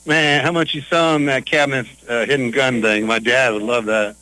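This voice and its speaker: Loose chatty male host, bright dry voice. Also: mid-range voice, steady tone, normal speed, dry recording, low-quality recording. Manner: loose, hype-prone, lots of fillers. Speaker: interviewer, host. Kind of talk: casual interview chat.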